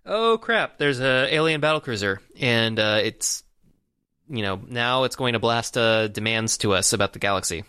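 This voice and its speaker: Guy rambling through a movie recap, lowish smooth voice, dry sound. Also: sharp tone, no echo. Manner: rambling, halting with many fillers. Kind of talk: casual movie recap chat.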